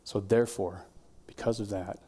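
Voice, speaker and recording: A man preaching a Sunday sermon in a church, in a conversational way, sometimes dropping to a quiet tone and sometimes shouting out quoted cheers. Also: lowish voice, steady tone, moderate pace, slightly rough. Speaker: pastor.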